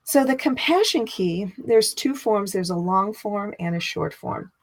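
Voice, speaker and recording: A middle-aged woman giving a teaching talk as a spiritual teacher. She talks in a chatty, expressive way and lifts her voice when she acts out inner dialogue. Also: mid-range voice, a little slow.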